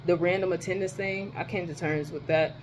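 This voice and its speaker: A young woman telling a rant in a casual vlog from her dorm, animated and profane, her voice jumping high when she exclaims. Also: fairly quick, background noise. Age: young adult. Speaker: vlogger.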